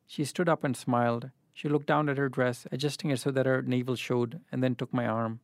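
A man's voice: mid-range voice, little pitch movement, a little fast, hardly any pauses, no echo. Man reading literary fiction, dry. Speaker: reader.

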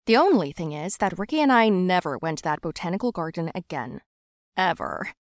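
A woman's voice: fairly low pitch, sing-song, quick pace, no room sound, studio quality. Young woman dramatically telling her story. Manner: confiding and dramatic, swings from hushed to loud. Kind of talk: first-person story narration.

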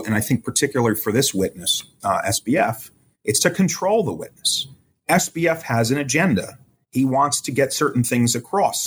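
Measured man explaining legal procedure. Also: medium pitch, a little hiss or hum. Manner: measured, explanatory, quotes court transcripts. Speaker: legal expert guest. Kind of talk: podcast interview analysis.

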